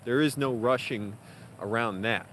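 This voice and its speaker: A man's voice: medium pitch, unhurried, fairly bright tone. A man vlogging outdoors in a casual, rambling way, with lots of fillers. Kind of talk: casual vlog talk. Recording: outdoor street noise behind.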